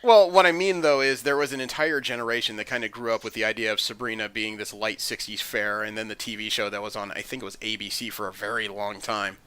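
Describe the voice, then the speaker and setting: A man's voice: lowish voice, fairly even intonation, fast, few pauses, fairly bright tone, smooth. A man hosting a podcast, chatting through comic news with frequent ums and uhs. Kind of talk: casual chat.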